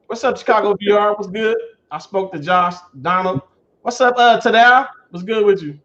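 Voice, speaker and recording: High-voiced guy running a chill livestream, aave, shouting out viewers, muffled lo-fi stream sound. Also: moderate pace. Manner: loose, laughing, greets viewers by name. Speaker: livestream host. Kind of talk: casual livestream chat. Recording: dull lo-fi stream audio.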